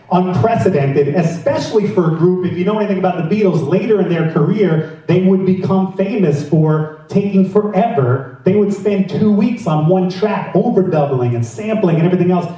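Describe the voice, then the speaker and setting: A man's voice: sits high, normal speed, mellow, dull audio. A man telling a casual music story to fellow DJs, chatty and self-deprecating. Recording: echoey room, voice from a distance.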